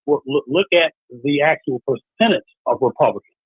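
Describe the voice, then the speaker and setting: A man's voice: on the high side, expressive, a little fast, breathy edge, no room sound. A man on a radio stream, pressing his point and trying to cut in. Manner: insistent, keeps trying to cut in. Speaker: guest. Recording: tinny phone-like line.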